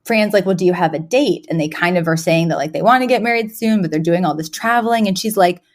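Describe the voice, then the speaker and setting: A woman co-hosting a podcast in casual chat, animated, laughing often and acting out quoted lines. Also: on the low side, fast. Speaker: podcast co-host.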